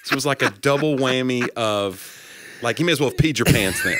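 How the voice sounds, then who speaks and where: A man's voice: mid-range voice, a little fast, background noise. A man co-hosting a podcast in casual chat, teasing his partner and slipping into mock voices for jokes. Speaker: podcast co-host.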